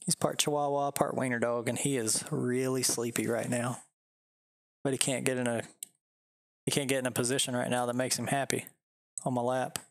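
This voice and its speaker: A man's voice: medium pitch, level tone, normal speed, creaky, pauses often, dry recording, clean studio sound. A man chatting casually while streaming a game from home, rambling and laid-back, swearing often.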